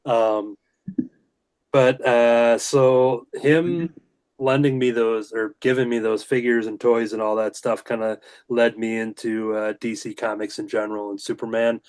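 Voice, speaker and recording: A man with an everyday mid-range voice, talking casually as a guest on a video call. He tells his stories in a loose, rambling way, stopping to restart and filling pauses with "uh" and "um.". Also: mid-range voice, fairly even intonation, a little mellow, smooth. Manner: rambling storytelling with many fillers and restarts. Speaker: guest comic creator. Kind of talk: casual chat.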